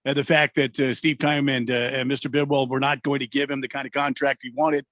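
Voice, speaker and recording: A man co-hosting a sports talk radio show, speaking in a measured, hesitant way. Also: mid-range voice, flat delivery, a bit bright, dry recording, clean studio sound. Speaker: radio co-host. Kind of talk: casual talk radio banter.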